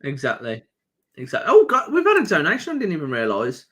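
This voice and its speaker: A man's voice: fairly high pitch, wildly swooping pitch, fast talker, fairly bright tone, slightly rough. A man co-hosting a football fan live stream, reading out comments and fixtures in an easygoing way. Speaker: co-host reading donations and comments. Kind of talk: casual live stream reaction chat.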